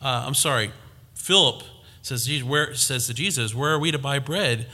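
Bright-voiced man preaching a sermon. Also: mid-range voice, normal speed, slightly rough. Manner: conversational preaching with restarts, rising to emphatic peaks.

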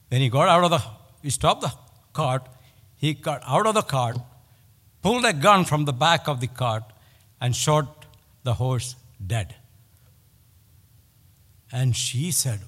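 Male pastor, measured sermon delivery with emphatic repetition, recorded in a hall with long reverb. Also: mid-range voice, animated, fairly bright tone. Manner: storytelling, with pauses and emphatic repetition. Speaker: preacher.

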